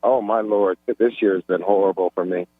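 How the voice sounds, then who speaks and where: A man's voice: deep voice, steady tone, brisk, dry recording. A man calling in to a radio show, friendly and teasing, heard over a phone line. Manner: friendly, teasing, groans about his losses. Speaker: caller. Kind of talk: casual call-in chat.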